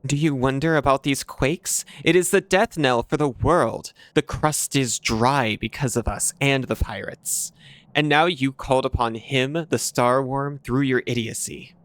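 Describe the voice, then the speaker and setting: A man's voice: medium pitch, measured pace, a bit bright, dry recording, lightly acted. A man voicing a cold, imperious mother who rules a city, speaking in a stately, formal and condescending way while reading game dialogue aloud. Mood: cold fury.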